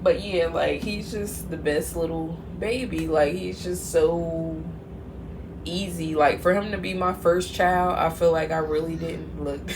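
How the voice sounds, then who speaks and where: Mom vlogging in her kitchen, low voice, noisy background, gets teary. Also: fairly even intonation, unhurried. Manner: chatty, laughs often, gets teary and sentimental. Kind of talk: casual kitchen vlog chat. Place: home kitchen. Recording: noisy home recording.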